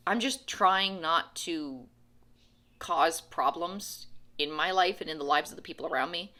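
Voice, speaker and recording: A woman's voice: deep voice, sharp tone. A woman vlogging casually to camera, rambling with many restarts and acting out her own frustrations. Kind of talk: casual talking-to-camera vlog.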